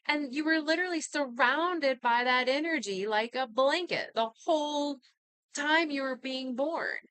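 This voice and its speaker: A woman's voice: high-pitched, a bit bright, no echo. A woman giving an earnest, casual talk on healing and inherited patterns, full of conversational asides.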